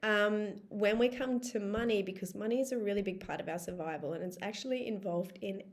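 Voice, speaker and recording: A woman's voice: mid-range voice, a little fast. Chatty, emphatic woman life coach. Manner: chatty, emphatic, swears casually. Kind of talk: casual vlog monologue.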